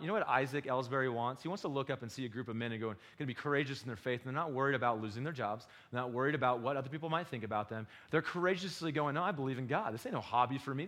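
A man preaching a sermon to his congregation, passionate and full of rhetorical questions, swinging between loud bursts and hushed asides. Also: mid-range voice. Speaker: pastor.

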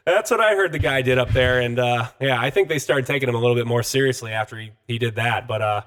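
A man's voice: mid-range voice, quick pace, a bit bright. A man co-hosting a podcast in casual chat, laid-back and profane, with lots of "uh". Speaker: podcast co-host.

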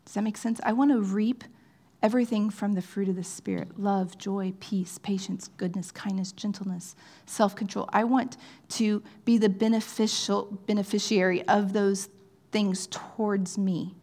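A woman giving an earnest, conversational sermon, often checking in with "right?" and sometimes dropping to a soft, near-whispered tone. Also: mid-range voice, steady tone, a little slow. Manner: drops to soft, near-whispered phrases at times. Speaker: pastor.

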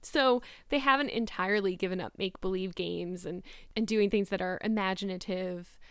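A woman narrating a novel aloud in an expressive, reflective way, then musing on the chapter. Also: medium pitch, normal speed, clean tone, dry recording, clean studio sound. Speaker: reader of a novel. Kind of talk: storybook narration and commentary.

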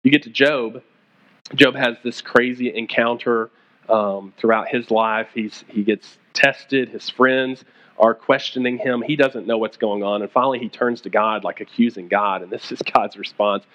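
A pastor preaching a conversational sermon, retelling stories and acting out the quoted voices. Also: male voice, medium pitch, fairly even intonation, moderate pace, fairly bright tone, highs cut off.

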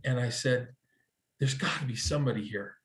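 A man telling a personal story in a casual, animated way, acting out quoted dialogue, with frequent restarts. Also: mid-range voice, fairly quick. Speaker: guest telling a conversion story.

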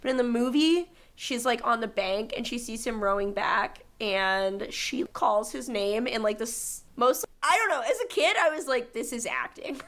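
A podcast co-host, a young adult woman with a fairly high voice and normal speed, chats casually about a movie she adored as a child. She gushes with animation and slips into sung snippets along the way.

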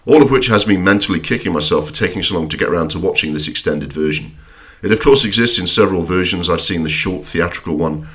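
A man's voice: deep voice, quick pace, a bit bright. A man hosting a film podcast, reading a scripted review with dry, self-deprecating humour and the odd swear word. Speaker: podcast host.

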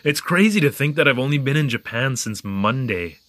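A man voicing a young diarist, lively swinging pitch, bright, dry close recording, animated and joking. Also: moderate pace, no echo, natural voice. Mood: musing. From Canada. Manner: animated, joking, wandering asides. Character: young male newcomer keeping a spoken diary, curious, chatty. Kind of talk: audio drama narration.

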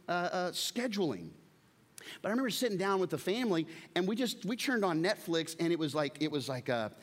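A man, preaching a sermon earnestly and putting direct questions to his congregation. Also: a little high. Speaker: pastor.

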